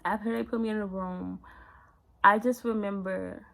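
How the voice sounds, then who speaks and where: A young woman vlogger telling a personal story candidly in casual slang, often sinking to a hushed, near-whispered voice. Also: medium pitch, fairly even intonation, normal speed, gravelly, rough recording.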